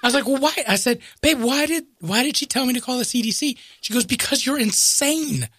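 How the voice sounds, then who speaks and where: Animated, bright-voiced man telling a story. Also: very high-pitched, fast talker, husky, no echo. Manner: animated, self-mocking, voices others in quotes. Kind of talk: casual storytelling.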